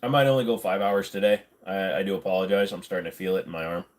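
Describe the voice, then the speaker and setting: A man's voice: low voice, fairly even intonation, fast talker. A man hosting a casual livestream, reading chat and joking around, slipping now and then into goofy voices. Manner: chatty, jokey, slips into goofy voices.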